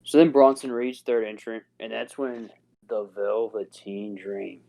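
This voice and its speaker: A man's voice: lowish voice, unhurried, vocal fry, mellow, poor audio. A man on a podcast in casual chat, giving a rambling play-by-play recap. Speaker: podcast co-host.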